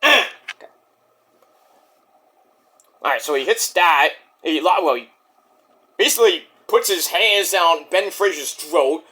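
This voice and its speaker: An excitable man recaps a wrestling show in a loose, swearing vlog style. His high, bright voice jumps all over the place, and he breaks into sudden yelled exclamations. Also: unhurried. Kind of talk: casual review vlog.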